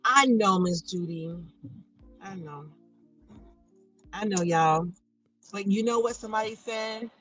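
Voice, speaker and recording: A bright, clear-toned middle-aged woman talking casually to her live chat audience. She laughs easily and enunciates each syllable, with soft music playing faintly behind her. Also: medium pitch, slow, pauses often, poor audio. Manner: chatty, laughing, pronounces every syllable. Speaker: livestream host reading chat.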